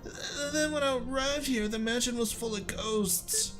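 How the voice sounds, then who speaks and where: A high sobbing little mushroom creature. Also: male voice, moderate pace, music in the background, poor audio. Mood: weepy, panicked. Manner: high-pitched, sobbing and pleading. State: crying. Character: frantic tearful little male mushroom retainer.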